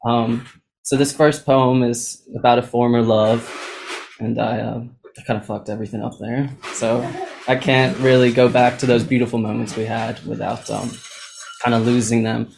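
A man's voice: medium pitch, little pitch movement, normal speed, vocal fry, noisy background. A man introducing his own poems at a reading, hesitant and self-deprecating, with many fillers. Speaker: poet reading his work. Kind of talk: poetry reading.

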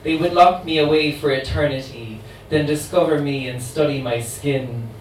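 A man's voice: on the high side, moderate pace, natural voice. A man reading as a sassy immortal voodoo queen. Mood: wry. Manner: sassy, wry monologue delivery. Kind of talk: dramatic poetry reading. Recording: roomy, distant mic, faint ambient noise.

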